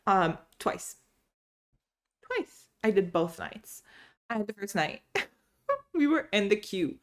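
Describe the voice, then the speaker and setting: A woman chatting casually about books as a vlogger, bubbly and animated, laughing often while she tells stories from home. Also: mid-range voice, unhurried. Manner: animated storyteller. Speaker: book vlogger. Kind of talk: casual chat.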